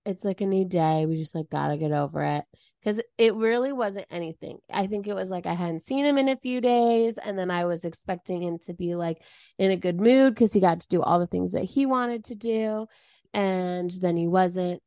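A woman's voice: on the low side, moderate pace, no room sound, studio quality. A woman co-hosting a podcast, telling a story in casual chat and acting out the quotes with big swings in her voice. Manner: animated storytelling, acts out quotes. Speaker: podcast co-host.

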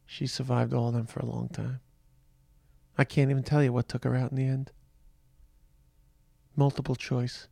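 A tired middle-aged man hosting a podcast, speaking in a reflective, halting monologue with trailing restarts. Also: medium pitch, level tone, vocal fry, mellow, no room sound. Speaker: podcast host. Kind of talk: personal monologue, remembering his mother.

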